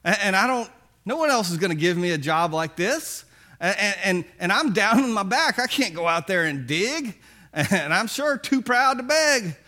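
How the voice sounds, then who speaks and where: A proud, lazy business manager who talks his way out of trouble, wheedling and folksy, as a preacher puts him on in a sermon. The voice sits bright and fairly high for a man. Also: animated, moderate pace. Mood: self-pitying. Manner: folksy, whining then wheedling.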